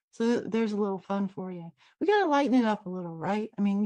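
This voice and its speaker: A woman's voice: mid-range voice, warm tone, no echo. A woman from Washington State with a Pacific Northwest American accent, hosting a casual, digressive and upbeat teaching talk over a computer mic. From Washington State, USA. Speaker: host and trainer.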